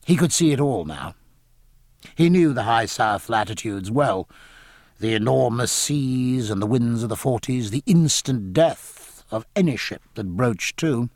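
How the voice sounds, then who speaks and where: A man narrating a novel as an audiobook in an expressive storytelling manner. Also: fairly low pitch, moderate pace, no echo. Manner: expressive, varied storytelling delivery. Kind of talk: scripted narration.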